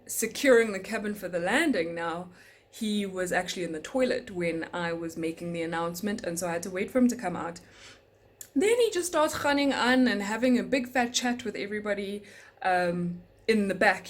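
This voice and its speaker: Young woman, South African accent, casual vlog chat, animated storytelling. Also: mid-range voice, moderate pace. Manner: animated, acts out passengers' lines in quotes. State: tired, speaking softly in the morning. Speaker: flight attendant vlogger.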